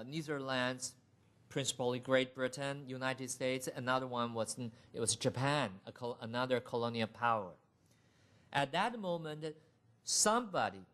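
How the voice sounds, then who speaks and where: A middle-aged man giving a university lecture in a deliberate manner, laying out his points as lists. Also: mid-range voice, fairly bright tone. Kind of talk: academic lecture.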